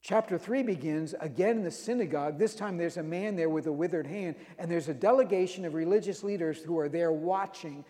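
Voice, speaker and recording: A man's voice: a little high, brisk, hardly any pauses, warm tone, big-room sound. A man preaching a sermon, retelling scripture stories with emphasis and reading verses aloud.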